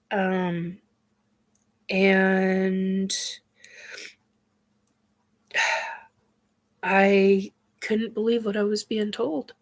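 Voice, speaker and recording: Slow-talking woman, stuffy nose. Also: mid-range voice, level tone. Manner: slow, halting, many fillers and sighs. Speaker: host. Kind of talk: casual spiritual chat.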